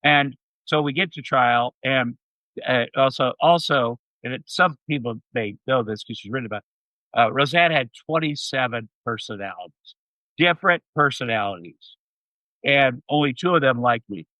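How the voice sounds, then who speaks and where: Male guest, sixties, mid pitch, rambling anecdotal delivery, dry and slightly muffled sound. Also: expressive, normal speed, no room sound. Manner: rambling anecdotes with many fillers. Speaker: interview guest. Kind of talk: casual storytelling. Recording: dull, slightly muffled audio.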